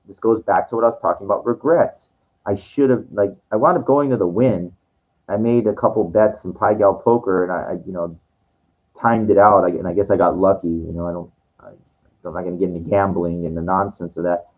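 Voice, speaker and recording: Rambling man, low-pitched, dull lo-fi recording, casual personal anecdote. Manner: rambling, many fillers and restarts. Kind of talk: casual storytelling monologue.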